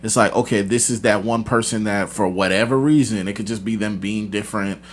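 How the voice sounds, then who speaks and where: A man's voice: on the low side, fairly even intonation, fairly quick, slight background noise. A man hosting a podcast, talking casually and confidently, telling stories with animation. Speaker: podcast host. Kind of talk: casual chat.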